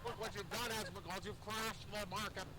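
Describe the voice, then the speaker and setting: A man's voice: high-pitched, steady tone, brisk, heavy background noise. Man doing a mock news bulletin in chat. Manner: teasing, announcer-like delivery. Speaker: player in voice chat. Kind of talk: joking mock news report.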